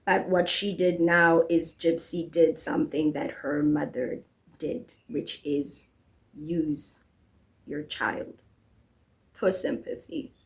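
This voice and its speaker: A woman's voice: mid-range voice, fairly bright tone. A woman giving casual, blunt and profane commentary on a video. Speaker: commentary YouTuber.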